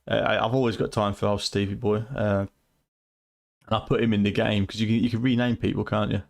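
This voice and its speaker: Low-pitched and creaky, delivered flatly and a little fast, this middle-aged Fenland man speaks with a Fenland English accent from his home in Fenland, England. He rambles and swears casually through a late-night live game stream.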